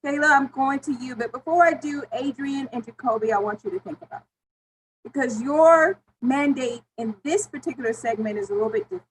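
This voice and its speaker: Measured woman moderating a panel. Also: high voice, a little hiss or hum, rough recording.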